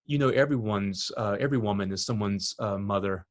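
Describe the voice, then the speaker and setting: A man, a priest, interviewing a guest in a casual chat, often halting and restarting his sentences. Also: on the low side, dry recording, studio quality.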